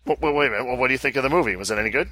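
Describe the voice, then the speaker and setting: Easygoing male podcast host, bright tone. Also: mid-range voice, dry recording. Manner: easygoing, quick to laugh. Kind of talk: casual chat.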